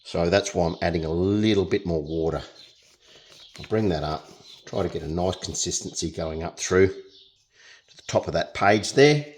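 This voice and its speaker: Speaking at a moderate pace with frequent pauses, a young Australian painting tutor has a low-pitched voice. He keeps up casual, jokey chatter as he works through his demonstration.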